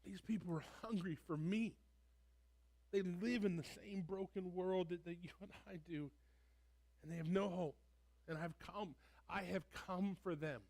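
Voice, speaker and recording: A man's voice: sits high, measured pace, a little mellow. A man voicing a compassionate Jesus in a sermon role-play, speaking earnestly and directly. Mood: rebuking. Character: compassionate Jesus rebuking the Pharisees.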